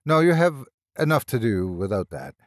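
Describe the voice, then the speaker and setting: A male narrator voicing a formal, brisk country rector giving orders in a storybook reading. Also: mid-range voice, sing-song, no room sound, studio quality, close to an everyday voice. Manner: brisk, formal and a little impatient. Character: brisk middle-aged country rector, impatient and proper.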